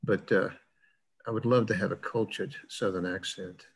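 A man's voice: sits low, fairly even intonation, normal speed, gravelly, breathy edge, poor audio. An older man from the American South with a plain Midwestern-sounding accent, lecturing in an online class in a chatty, rambling way with lots of fillers.

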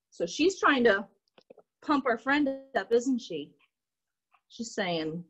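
A young woman with a Midwestern American lilt leads a children's storytime over a video call, reading a picture book aloud. Her voice sits a little high, and she keeps it animated and encouraging, coaxing the kids to join in. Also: unhurried, long pauses, breathy edge, poor audio. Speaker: art teacher.

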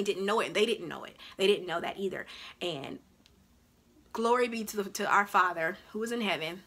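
A woman vlogger recounting a personal story with an emotional, animated delivery. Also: mid-range voice. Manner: animated, reliving events in a rising voice. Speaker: vlogger recounting her childbirth.

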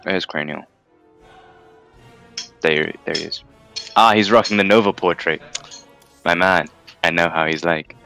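A man's voice: low-pitched, fairly even intonation, a little slow, vocal fry, pauses often, pushed and bright, soft background music. A man from London, casting a game tournament in a rambling, jokey way and laughing often. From London, England. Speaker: tournament caster. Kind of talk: casual game commentary.

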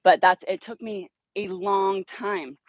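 A woman's voice: mid-range voice, steady tone, slow pace, dry recording, muffled recording. A woman dog trainer explaining outdoor leash training in a direct, blunt way, working with a puppy in a yard. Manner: direct, blunt coaching with upbeat praise to dogs.

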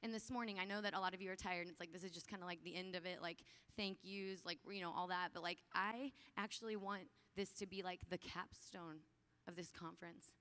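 A woman's voice: fairly low pitch, steady tone, brisk, few pauses, pushed and bright, smooth. A woman giving a talk at a youth conference, earnest and casual, often saying "like" as she urges her listeners on. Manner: earnest, casual phrasing with frequent "like"; urgent, encouraging appeals to the audience.

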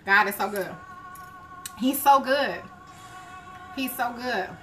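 A woman hosting a live cooking stream, chatting casually with her viewers and breaking into joyful shouts of praise. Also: a little high, takes it slowly. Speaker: cooking show host. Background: gospel music playing.

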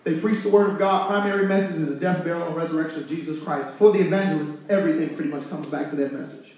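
A man's voice: on the high side, steady tone, quick pace, a little mellow. A man preaching a fired-up sermon as pastor, talking with his congregation and asking them questions. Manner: fired-up, conversational preaching with call-and-response. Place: church sanctuary. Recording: echoey room, from far off.

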